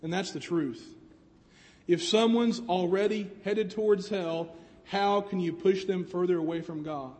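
A man's voice: sits high, steady tone, unhurried, a little mellow. A man preaching a sermon in an earnest way, asking rhetorical questions. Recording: long reverb of a large hall.

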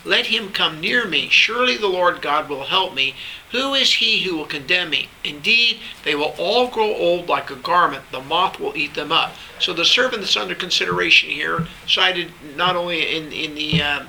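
A man teaching a Bible class reads scripture aloud, then explains it in loose asides, often checking in with the class by asking "all right?". His voice sits on the high side with vocal fry and a sharp tone at a normal speed. The recording is rough, with a little hiss or hum.

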